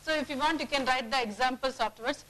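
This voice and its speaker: A woman teacher leading a classroom phonics lesson, drilling words aloud and checking the class with quick questions. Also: high voice, fairly bright tone, rough recording.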